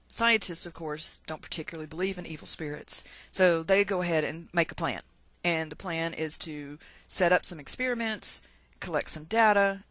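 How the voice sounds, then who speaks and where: A woman's voice: fairly low pitch, fairly bright tone, dry recording. A middle-aged woman with a Texan twang, teaching science in a chatty, self-deprecating screencast lecture.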